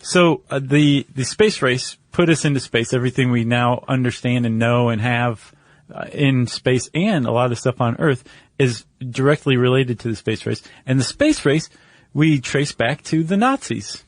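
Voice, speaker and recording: A man's voice: medium pitch, animated, moderate pace, no room sound. A man co-hosting a casual podcast chat, loose and joking as he explains history. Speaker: podcast co-host.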